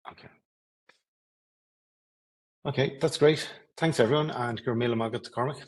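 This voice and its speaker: A man's voice: medium pitch, normal speed, poor audio. A man with an Irish accent moderating a webinar on a video call, briefly passing on audience questions.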